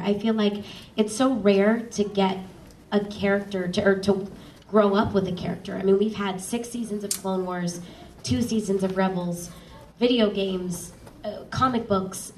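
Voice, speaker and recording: A woman's voice: mid-range voice, moderate pace, darkish tone. A woman who narrates audiobooks, chatting casually on a panel with many ums. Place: live event stage. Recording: roomy, distant mic, faint noise.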